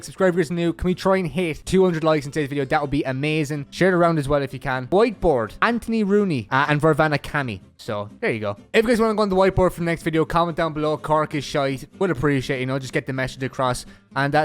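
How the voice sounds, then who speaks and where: A young Irish man rambling through casual reaction commentary with crude joking asides. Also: a little high. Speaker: YouTuber.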